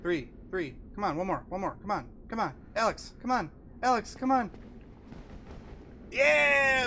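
A man giving excitable let's play commentary, laughing, swearing and yelling at the game. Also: sits high, a little slow, background noise. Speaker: gamer playing online. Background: game music.

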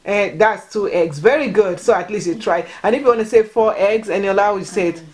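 A woman's voice: mid-range voice, fairly quick, a little mellow. A woman teaching words to children at home, patient and encouraging, prompting and repeating each word. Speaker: vlogger teaching Yoruba to children. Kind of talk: home language lesson.

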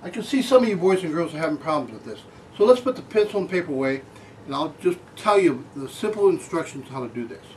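A man giving a deadpan mock lecture, talking down to his listeners as if they were schoolchildren. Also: on the high side, fast, far from the mic, slight background noise, poor audio. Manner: deadpan, talks down to audience as children. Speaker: comic lecturer.

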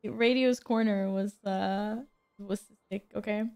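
A woman's voice: mid-range voice, steady tone, takes it slowly, darkish tone, clear, resonant tone. A woman streaming a game and chatting casually, greeting viewers by name and laughing often, a little stuffy from a cold. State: slightly stuffy, recovering from a cold. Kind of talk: casual live-stream chat.

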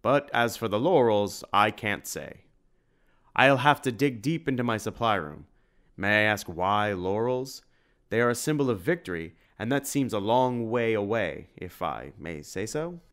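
A big, growling shopkeeper speaks in stiff, old-world phrases, as a man reading an audiobook puts him on. The voice sits low, with a rough, bear-like gruffness. He is raised and loud. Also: lively intonation, measured pace. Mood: gruff. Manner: formal, old-fashioned phrasing.

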